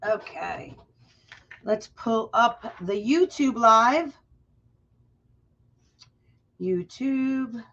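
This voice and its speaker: A woman's voice: fairly high pitch, animated, extremely slow, long pauses, fairly bright tone. A woman hosting a casual live crafting tutorial, chatting and greeting viewers by name. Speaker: craft livestream host. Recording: muffled lo-fi livestream audio.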